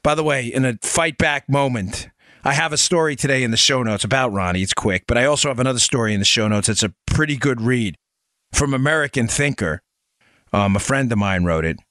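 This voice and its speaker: A man's voice: mid-range voice, fairly quick, a bit bright, dry recording. A middle-aged man hosting a podcast, delivering heated political commentary in a combative, ranting way full of punchy rhetorical questions. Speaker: podcast host.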